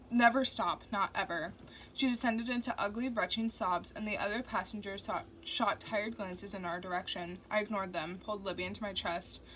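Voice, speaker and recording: A woman reads a novel aloud in the first person, her mid-range voice steady and intimate. Faint construction noise drifts in behind the reading. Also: mid-range voice. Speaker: audiobook narrator. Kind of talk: first-person audiobook narration.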